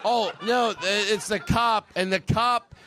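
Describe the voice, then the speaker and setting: A man's voice: sits high, fairly even intonation, unhurried, pushed and bright, slight background noise. A man hosting a live comedy podcast on a club stage, riffing, laughing often and crude. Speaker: host.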